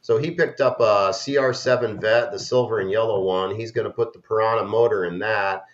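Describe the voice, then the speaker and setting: An eager, enthusiastic man joining a casual chat as a guest. His voice has a middling pitch and comes through dull, lo-fi call audio. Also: fairly even intonation, fairly quick.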